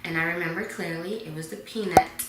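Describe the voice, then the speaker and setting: A woman in her twenties telling a dramatic storytime vlog, dropping to hushed whispers at times. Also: on the low side, a little fast, heavy background noise. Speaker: vlogger. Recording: echoey room.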